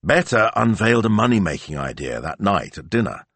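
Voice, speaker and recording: Deep-voiced male audiobook narrator. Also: sing-song, fairly bright tone, slightly rough, dry recording. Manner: measured storytelling. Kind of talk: scripted narration.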